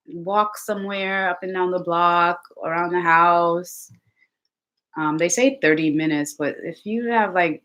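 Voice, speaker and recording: A woman vlogger chatting casually to her viewers, telling lively stories. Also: low voice. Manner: chatty, animated storytelling with laughs. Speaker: lifestyle vlogger.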